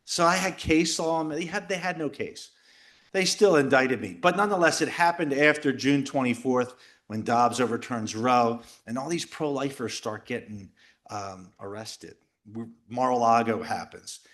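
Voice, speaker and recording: A middle-aged man speaking at a men's retreat, telling a personal story in a jokey, animated way and acting out the voices of others. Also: mid-range voice, moderate pace. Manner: animated, jokey, acts out quoted voices and shouts. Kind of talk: lively storytelling talk. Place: retreat house talk before a live audience.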